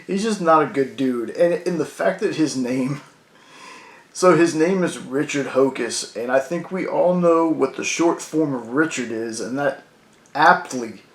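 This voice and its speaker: A man's voice: medium pitch, a little slow. A man casually reviewing a comic book, rambling with many fillers. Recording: roomy echo.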